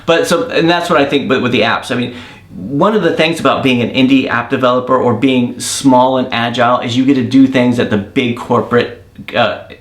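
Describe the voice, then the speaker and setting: A man's voice: medium pitch, a little fast. A man hosting his own daily show as an indie app developer, thinking aloud in a casual, rambling monologue. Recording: roomy echo.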